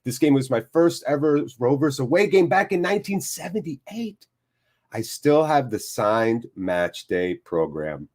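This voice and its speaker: A man's voice: medium pitch, lively intonation, a little slow, a little mellow. Upbeat male stream host, casual jokey chat with viewers, mid-range voice. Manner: upbeat, jokey, chatty, reads out viewer comments. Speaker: host of a live football watchalong.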